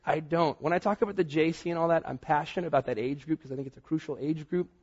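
Husky preacher telling a story. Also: male voice, on the high side, quick pace, darkish tone, muffled recording. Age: 30s. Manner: storytelling with acted-out quotes. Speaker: pastor. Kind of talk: sermon.

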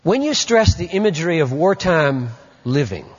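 A man with a somewhat high voice delivers a sermon from the pulpit, swinging between emphatic stresses and quiet asides. The sound is dull and lo-fi, with a long reverb trailing off the walls of a church sanctuary. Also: sing-song, moderate pace, breathy edge. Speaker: pastor. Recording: muffled lo-fi recording in an echoey hall.

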